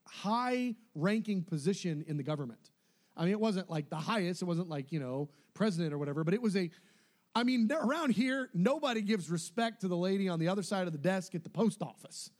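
A young man telling a story casually, acting out what others said in shifting voices. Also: high-pitched. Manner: animated, acts out quotes with shifting voices. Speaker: storyteller recounting a mission trip.

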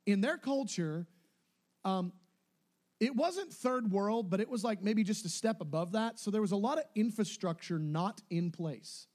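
A man's voice: high-pitched, unhurried. A young man telling a story casually, acting out what others said in shifting voices. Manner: animated, acts out quotes with shifting voices. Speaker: storyteller recounting a mission trip.

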